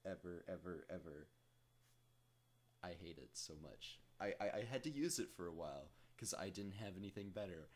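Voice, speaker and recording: A man casually rambling through a software tutorial, self-deprecating and full of jokey asides. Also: low voice, expressive, a little fast, few pauses. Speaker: tutorial host.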